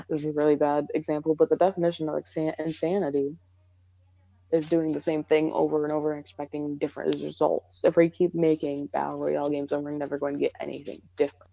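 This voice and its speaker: A woman's voice: deep voice, dark tone, no echo, rough recording. A young woman co-hosting a podcast in casual chat, rambling and hesitant with lots of fillers. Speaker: podcast co-host.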